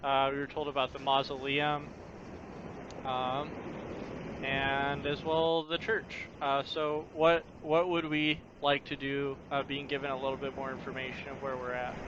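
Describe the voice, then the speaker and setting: A man's voice: medium pitch, measured pace. A man running a tabletop game as game master, narrating casually and rambling with many fillers. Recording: muffled lo-fi recording with steady background noise.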